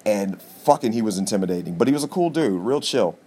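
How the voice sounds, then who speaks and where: A male podcast host tells a rambling comic story, swearing freely. His pitch leaps upward whenever he stresses a point, which gives the monologue an animated, excitable edge. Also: fairly quick. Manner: animated, profane, jumps in pitch for emphasis.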